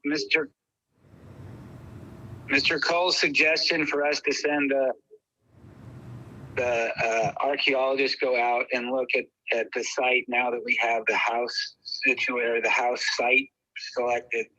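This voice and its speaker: A man's voice: medium pitch, level tone, measured pace, long pauses, pushed and bright, dull audio. A man calling into a public meeting as the applicant, speaking hesitantly and repeating words.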